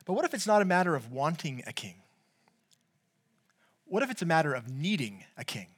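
A preacher with a high-leaning, sing-song voice and a breathy edge delivers a sermon fairly quickly, in a conversational, storytelling style. He restarts often, and his voice grows louder whenever he quotes someone.

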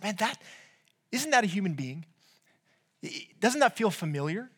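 With a high voice, a preacher tells his sermon like a story shared in conversation. He keeps restarting his lines, and when he repeats someone's words his volume climbs.

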